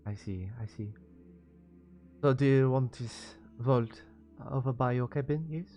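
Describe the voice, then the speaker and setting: A man's voice: mid-range voice, mellow, faint music behind, natural voice. A man voicing a poised woman tech mogul with a put-on French accent, speaking formally in a tabletop role-play. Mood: composed. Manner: formal, courteous, measured.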